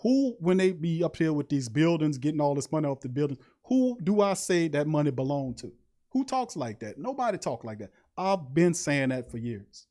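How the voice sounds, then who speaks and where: A man hosting a podcast in a casual livestream monologue, preachy and emphatic, with slangy talk and sudden high-pitched emphasis. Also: very animated, normal speed, warm tone. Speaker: podcast host.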